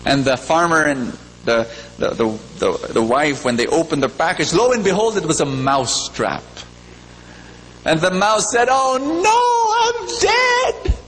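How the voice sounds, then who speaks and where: A man's voice: mid-range voice, expressive, normal speed, a bit bright. A man preaching a sermon in a large church, repeating phrases, questioning his listeners and telling a fable. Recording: long church reverb, faint hum.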